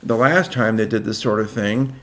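A man in his sixties co-hosts a podcast, chatting casually about politics and stretching out key words for emphasis. His voice is on the low side with a fairly bright tone, at a moderate pace.

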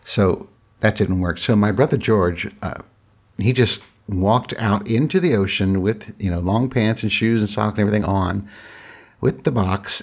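Man, middle-aged, very low voice, casual storytelling, halting, reflective. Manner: halting, reflective, frequent restarts.

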